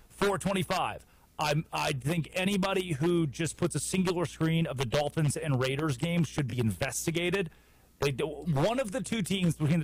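A man from the United States hosting a sports radio show, talking football in a wry, opinionated way with quick asides. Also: a little high, rough recording. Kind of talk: casual sports talk.

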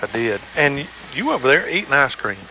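A man's voice: medium pitch, big pitch swings, a little fast, pushed and bright, a little hiss or hum, low-quality recording. Folksy man hosting sports chat. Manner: folksy, laid-back, joking. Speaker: sports talk show host.

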